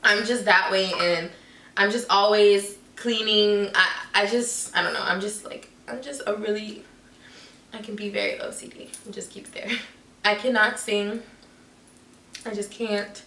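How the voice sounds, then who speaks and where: A young woman chatting loudly and playfully in a casual vlog. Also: medium pitch, fairly even intonation, a little slow, far from the mic. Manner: loud, goofy and chatty. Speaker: vlogger. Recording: echoey room, off the mic.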